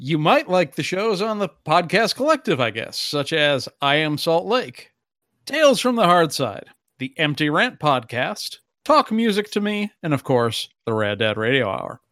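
A man's voice: fairly high pitch, very animated, moderate pace, a bit bright, no echo, clean studio sound. A man co-hosting a casual podcast chat, giggly and wry as he reads out plugs. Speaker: podcast co-host.

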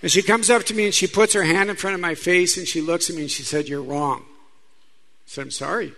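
A man's voice: high-pitched, brisk, sharp tone. A man, a Catholic priest, preaching a sermon in a conversational style, telling stories and speaking asides to the audience.

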